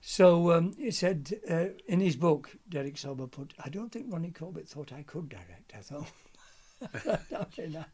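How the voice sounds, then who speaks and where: A man's voice: a little high, animated, normal speed, warm tone, slightly rough. An older man, a pantomime comedian, telling stories in a chatty interview and acting out old routines. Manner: chatty storyteller, acts out old routines in character voices. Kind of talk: anecdotal interview chat.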